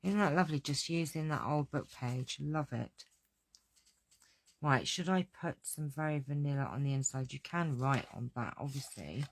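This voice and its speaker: A woman's voice: sits low, normal speed, dry recording. A woman running a live card-making tutorial at her craft desk, gushing and exclamatory as she talks to her viewers.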